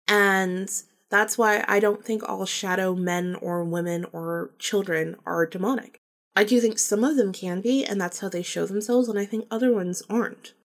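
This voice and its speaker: A woman hosting a podcast, telling a personal story in a casual, chatty way and acting out the dialogue with lots of "like"s. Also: medium pitch. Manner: chatty, acts out quoted dialogue with many "like"s. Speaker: podcast host.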